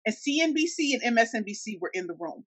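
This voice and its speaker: A woman from St. Louis, Missouri, telling her business story in an interview, animated and acting out the voices of the people in it. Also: a little high, quick pace, husky, dry recording, poor audio. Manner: animated, acts out quoted voices. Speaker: guest entrepreneur.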